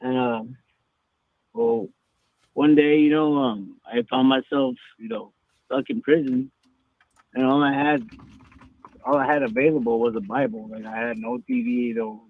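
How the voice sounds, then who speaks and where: Rambling caller on a tinny phone line. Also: male voice, mid-range voice, expressive, a little slow, vocal fry, pauses often. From Texas. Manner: rambling, hesitant, many fillers. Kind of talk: casual phone-in talk.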